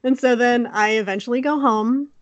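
A young woman casually telling a childhood story on a podcast, animated and laughing often. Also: fairly high pitch, moderate pace, no echo, lo-fi sound. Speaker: podcast co-host.

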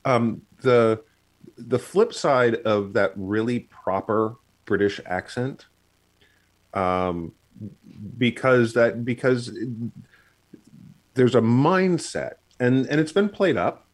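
A man's voice: medium pitch, slow. A man co-hosting a casual chat on a video call, explaining with many fillers and restarts. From United States. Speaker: podcast co-host.

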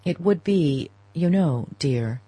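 A woman reading the part of a proper older society mother who is gentle, fretful and quietly insistent, in an audiobook. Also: fairly low pitch, expressive, normal speed, slightly rough, dry recording, rough recording. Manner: mild, coaxing, quietly insistent.

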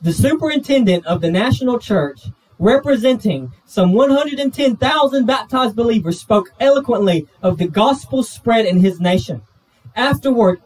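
A male pastor with a Southern US accent, telling a story in a sermon, earnest and slowing down, dropping low at the emotional moments. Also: darkish tone. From Georgia, US. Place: church sanctuary. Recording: voice from a distance off the pulpit mic.

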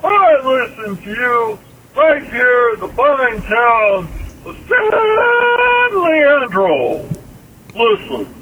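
A man's voice: very high voice, huge pitch swings, drawn-out words, background noise, voice pushed up, full character voice. A man voicing a grumpy, preachy male caller in a comic phone-call sketch. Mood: friendly. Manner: preachy, scolding. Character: grumpy scolding male caller, middle-aged.

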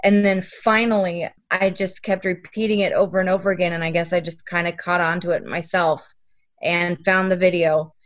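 A woman's voice: on the low side, level tone, moderate pace. A young woman, a parent, telling detailed stories in an earnest way during an interview. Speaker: parent of an autistic child. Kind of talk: interview conversation.

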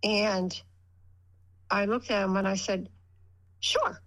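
A woman's voice: medium pitch, flat delivery, slow pace, poor audio. An older woman, a guest on a radio show, rambling through a personal story and acting out what people said. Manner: rambling, acts out quoted dialogue in her story. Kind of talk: casual storytelling.

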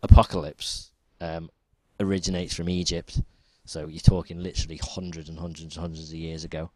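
A man with a very low voice co-hosts a casual podcast, moving the chat along between topics. He hesitates often and fills gaps with ums. His voice sounds close and dry, with no room around it. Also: flat delivery, brisk, dark tone, no room sound. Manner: hesitant, many ums while running the topics. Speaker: podcast co-host.

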